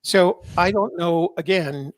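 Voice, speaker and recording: A man hosting a podcast, reading court filings aloud with wry, sarcastic asides and many halting fillers. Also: high-pitched, no echo, clean studio sound. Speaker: podcast host.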